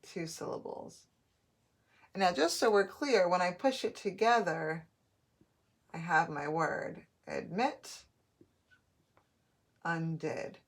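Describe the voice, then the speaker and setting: A woman teacher giving a patient phonics lesson, modeling each word slowly and clearly. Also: on the low side. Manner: slow, patient, drawn-out modeling of words.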